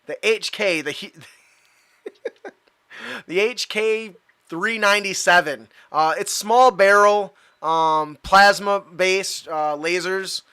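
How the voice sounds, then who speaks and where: A man's voice: sits high, takes it slowly, pushed and bright, clear, resonant tone. A man running a tabletop superhero game as game master, talking hesitantly with many fillers. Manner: hesitant, full of fillers, laughing often.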